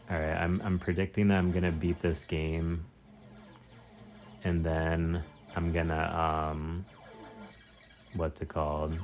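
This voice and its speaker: A man's voice: a bass voice, a little mellow. A man whose first language is Spanish streams a game live, reacting with slangy exclamations and lots of fillers. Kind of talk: casual live gameplay commentary. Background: game music.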